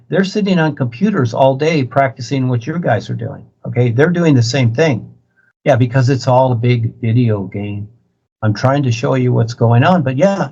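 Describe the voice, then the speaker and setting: A man's voice: mid-range voice, a little mellow. Brief: man, spiritual teacher type, lecturing over a dull video call, repeats himself, keeps pressing his point. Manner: insistent, repetitive, preachy. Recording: muffled video-call audio.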